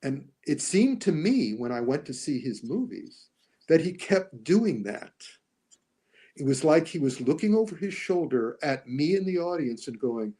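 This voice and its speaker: A man talking casually as a podcast guest about films, animated, often acting out lines he quotes. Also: fairly high pitch, measured pace, slightly rough. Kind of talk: casual podcast movie discussion.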